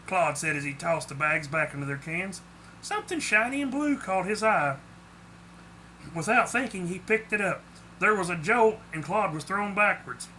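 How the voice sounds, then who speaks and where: A man's voice: fairly high pitch, lively intonation, a little slow, pushed and bright, a little hiss or hum, rough recording. A man reading aloud his own short story, with small slips. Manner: plainly spoken with small slips. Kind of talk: storybook narration.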